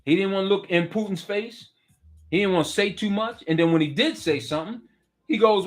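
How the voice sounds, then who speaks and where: A man's voice: high voice, a little fast. A middle-aged man, delivering a heated political rant. He preaches with fire, repeats himself and throws direct questions at the listener. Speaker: political commentator.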